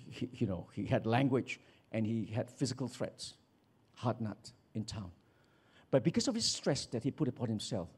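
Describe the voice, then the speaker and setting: Male pastor, husky, sermon storyteller with a wide-ranging delivery. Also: mid-range voice. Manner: storytelling, animated with acted quotes.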